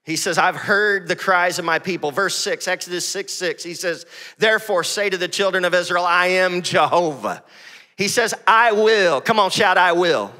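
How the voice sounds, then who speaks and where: In a church sanctuary full of worshippers, a male pastor delivers an energetic sermon, reading scripture aloud and calling on the congregation. His voice is high-pitched, his pace moderate, and the sound carries the echo of a big room.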